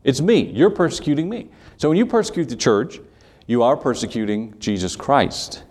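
A man's voice: medium pitch, expressive, moderate pace, a little mellow. A man preaching a sermon as pastor, emphatic and repetitive, putting questions to his congregation.

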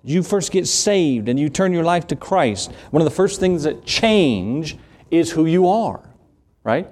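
A middle-aged man with a Southern US accent preaching a sermon in an earnest, conversational way, with quick asides to the congregation. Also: on the high side, animated, darkish tone. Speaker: pastor.

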